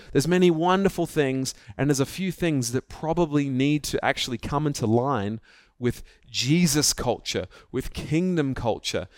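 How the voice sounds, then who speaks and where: A man's voice: fairly high pitch, clear, resonant tone, dry recording, studio quality. Male pastor, chatty sermon style, light guitar bed. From Australia. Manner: conversational, anecdotal, asks rhetorical questions.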